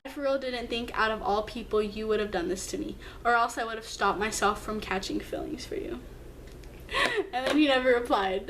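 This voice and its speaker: A young woman telling a storytime vlog, emphatic and upset, swearing freely and jumping up in pitch as she acts out a text exchange. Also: fairly bright tone, slight background noise. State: upset, hurt. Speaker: vlogger.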